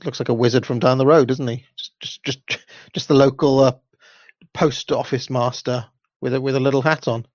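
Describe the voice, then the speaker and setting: A man's voice: medium pitch, steady tone, normal speed, no echo. A man rambles through commentary between pages of a storybook, circling back and restarting his sentences. His voice sits in the middle range and sounds dry and slightly muffled. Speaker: livestream host.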